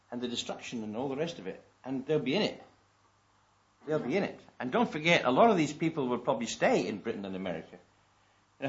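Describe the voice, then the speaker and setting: A preacher man delivering a sermon from a dull, lo-fi recording. His voice sits at a middling pitch and moves from relaxed, chatty asides to slow, pressed emphasis on key points. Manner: conversational, swelling to emphatic stresses.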